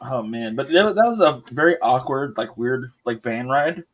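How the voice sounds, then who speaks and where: A man chatting casually, telling a story in an animated way with frequent laughter. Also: mid-range voice, moderate pace. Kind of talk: casual chat.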